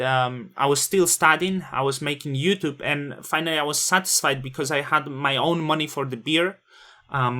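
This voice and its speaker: A man's voice: on the high side, bright, forceful tone. A man in his thirties, not a native English speaker, telling a personal story in a candid, blunt way, with swearing and frequent restarts.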